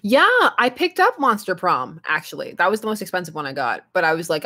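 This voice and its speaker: A woman's voice: on the low side, huge pitch swings, moderate pace, sharp tone, breathy edge. Young woman, live stream chat, giggly, rambling, laughs a lot, answers chat aloud.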